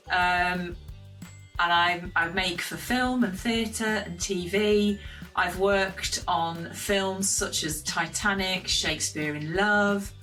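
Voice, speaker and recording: A woman from England introduces herself and her costume work, talking quickly with plenty of ums. Her voice is lowish for a woman. She sits back from the mic, with faint music playing under her. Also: fairly bright tone. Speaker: costume maker. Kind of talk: personal introduction. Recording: distant mic with music behind.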